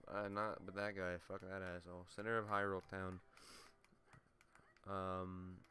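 With soft music in the background, a young man plays a video game and casually commentates. His voice is low, level and sharp, with a measured pace. He swears, mocks himself as he goes, and has a runny nose.

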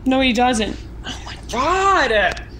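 Woman, live stream talk, defensive, snappy, bright voice. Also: high-pitched, very animated, slow, slight background noise, poor audio. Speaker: streamer being raided.

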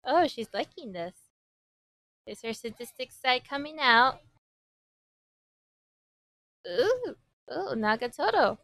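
A woman's voice: high voice, very animated, takes it slowly, pauses often, fairly bright tone, no echo. A young woman from Hawaii hosting an anime reaction, commenting as she watches with gasps, squeals and giggly outbursts.

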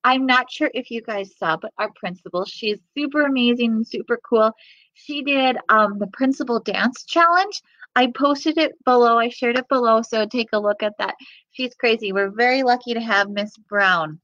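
A woman working as a children's librarian, bubbly and animated, hosting an online storytime and sharing announcements. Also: a little high, moderate pace, dry recording, dull audio.

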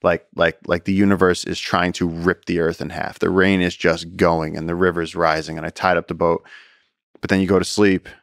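A man with a low, deep voice talks as a podcast guest and explorer, telling stories in an animated way. He trips over and repeats his words while he talks. The sound is dry and close. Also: moderate pace, vocal fry, dry recording. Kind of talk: casual storytelling conversation.

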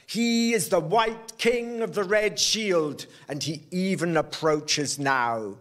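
A man voicing a young princess from the land under the waves, making soft, earnest pleas in a told folk tale. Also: high-pitched, slow. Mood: urgent. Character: young female princess from under the sea, pleading.

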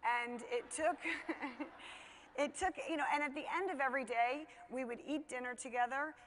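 A middle-aged woman telling a personal story about her son in a relaxed, conversational way, full of "you know" and self-mocking laughs. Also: high-pitched, moderate pace. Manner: conversational, chatty, many fillers like "you know", laughs at herself. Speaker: speaker telling a parenting story. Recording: long hall reverb.

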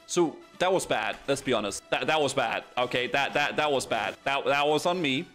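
A man streaming a video game match, commenting excitedly with stammered restarts and sudden laughing yelps. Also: on the high side, fairly quick, hardly any pauses, soft background music. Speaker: streamer playing arena matches.

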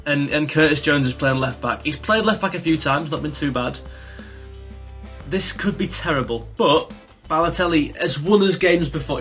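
A young man commentating his own football video game, ranting with frustration and yelling when chances come. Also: fairly high pitch. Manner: excitable, swings between frustrated rants and yelling at shots. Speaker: gaming YouTuber. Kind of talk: live gameplay commentary. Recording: faint music behind.

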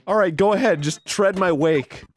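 A man co-hosting a let's play, goofy and jumping from loud outbursts to low mumbles. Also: normal speed, breathy edge, soft background music. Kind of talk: casual gameplay banter.

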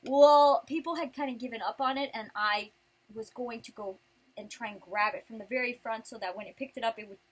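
Woman vlogger, casual rambling haul chat, a little breathy, higher voice. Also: brisk. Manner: chatty, rambling, animated outbursts. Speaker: vlogger showing prize haul.

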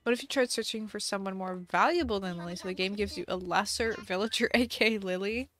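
A woman's voice: medium pitch, fast, a bit bright. A woman live-streaming a game, casually reading viewer questions aloud, playful and giggly with bursts of mock outrage.

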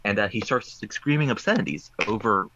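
A low-voiced man presents puzzles in a rambling, playfully deadpan way, his tone bright and forceful. He comes through a muffled, lo-fi remote call. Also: a little fast, slight background noise. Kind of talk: joking puzzle game on a talk show.

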